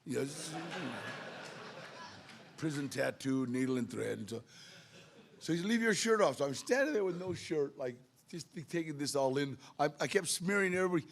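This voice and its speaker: A man's voice: on the high side, animated, normal speed, vocal fry. An older man telling his recovery story at a twelve-step meeting, acting out the dialogue. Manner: streetwise storytelling, acts out dialogue. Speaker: AA speaker.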